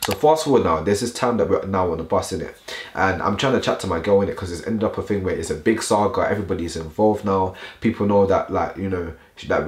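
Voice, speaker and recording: A young man rattling off a storytime vlog, packed with slang and asides to his viewers. His voice sits very low and he talks fast. The room around him gives it a clear echo. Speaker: vlogger. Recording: roomy echo.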